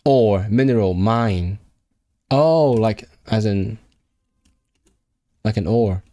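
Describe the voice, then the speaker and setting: Indoors at his computer, a man from Hong Kong chats casually on a live stream while working through language flashcards. He thinks aloud with lots of fillers and restarts, his voice fairly low, slow, and warm.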